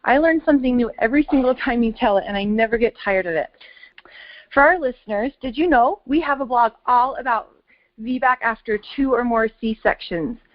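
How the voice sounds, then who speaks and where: A woman's voice: a little high, normal speed, dull audio. Upbeat woman podcast co-host. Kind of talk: podcast outro.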